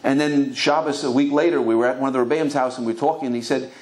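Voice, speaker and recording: A man's voice: mid-range voice, fairly even intonation, quick pace, darkish tone. A male rabbi giving a Torah lecture, telling anecdotes and often restarting his words. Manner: storytelling with many anecdotes; frequent repeated restarts.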